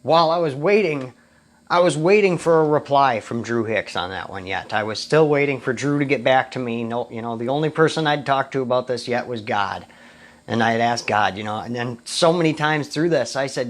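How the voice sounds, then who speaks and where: A man speaking live to his online followers about recovery and letting go of resentment. He talks at a mid pitch, earnest and animated, and often stops to restart a sentence before pushing on. It sounds like a plain personal stream from home. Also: moderate pace. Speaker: recovery talk host. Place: home, recording a live video.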